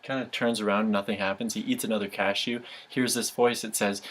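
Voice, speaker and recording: A man's voice: lowish voice, fairly even intonation, brisk, fairly bright tone. A man in a casual video message, chatty and laughing as he tells a joke. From Canada. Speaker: course participant recording a message.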